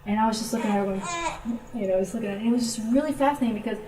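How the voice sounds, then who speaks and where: A woman's voice: mid-range voice, very fast. A woman missionary speaker giving an informal talk to a church group, telling her stories and acting out the voices of her friends. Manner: storytelling, animated when quoting friends. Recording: roomy, from a distance.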